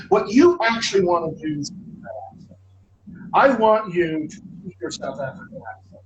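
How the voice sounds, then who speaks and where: Encouraging male host-coach, emphatic, repeats for stress; higher-pitched voice, recorded in a roomy space with faint background noise. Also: dull audio. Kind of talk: live online Q&A. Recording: echoey room, faint ambient noise.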